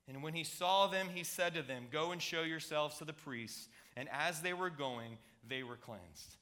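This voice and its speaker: A man preaching a sermon, conversational and emphatic, repeating words to drive points and building to loud passionate stretches. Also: a little high, moderate pace, hardly any pauses. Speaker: pastor.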